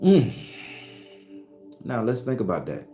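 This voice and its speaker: A man's voice: mid-range voice, wildly swooping pitch, takes it slowly, warm tone. A man giving an emphatic, profane spiritual talk with a preacher-like cadence, speaking as the channel's host. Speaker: spiritual advisor. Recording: roomy echo with faint music.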